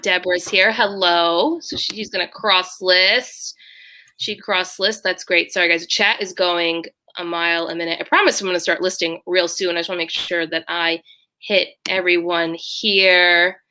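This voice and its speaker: A woman with a bright, forward voice hosts a casual live stream from home. She talks in a chatty way and greets viewers in the chat by name. She is heard through a video call mic. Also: lowish voice, steady tone, moderate pace, slight background noise. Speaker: livestream host.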